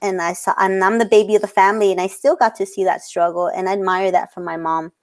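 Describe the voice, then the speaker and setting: Speaking fast in a steady, medium-pitched voice, a portrait photographer in her thirties answers interview questions casually. She's earnest, laughs a lot, and drops Spanish words into her English.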